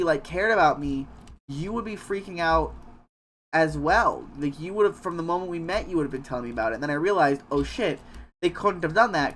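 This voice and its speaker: A man's voice: a little high, a bit bright, a little hiss or hum. A man live-streaming a game, chatting casually with viewers in a rambling, joking way with plenty of swearing. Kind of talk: casual live-stream chat while gaming.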